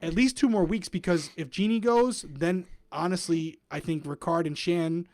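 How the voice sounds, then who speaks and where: A man's voice: fairly high pitch, normal speed, a little mellow, no echo, clean studio sound. A man co-hosting a casual recap chat, thinking aloud and often hedging with "I think". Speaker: podcast co-host.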